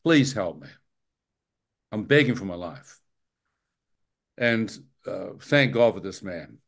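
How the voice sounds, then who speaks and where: A man with a New Zealand accent recounts a near-death story as a spoken testimony. He tells it like an animated storyteller, putting on voices for the people in it and laughing as he goes. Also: on the low side, slow pace, vocal fry. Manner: animated storyteller, acts out dialogue, laughs often. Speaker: guest telling his testimony.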